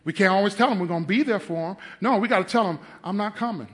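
A middle-aged man preaching a sermon, animated, acting out scenes in changing voices and laughing often. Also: high voice, quick pace. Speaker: pastor.

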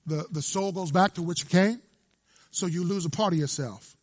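A male preacher giving an emphatic, animated sermon and quizzing his congregation. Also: high voice, normal speed, no echo, studio quality.

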